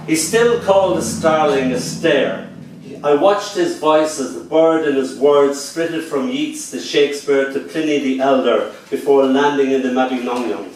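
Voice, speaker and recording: A man, a poet and event host, giving a lilting live poetry reading in a bar, with soft, hushed passages. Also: medium pitch, far from the mic, a little hiss or hum. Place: bar venue. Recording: echoey room recorded from afar.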